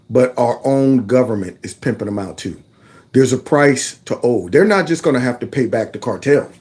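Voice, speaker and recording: A man's voice: medium pitch, darkish tone. A man hosting his own commentary channel, reacting indignantly to news clips with a string of rhetorical questions and folksy asides.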